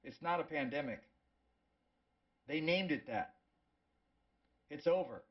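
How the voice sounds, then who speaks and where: A man's voice: on the high side, lively intonation, slow pace, highs cut off. A man ranting heatedly on his livestream, swearing often, stumbling over restarts and mocking people in put-on voices. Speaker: streamer reacting to a video. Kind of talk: casual rant on a livestream.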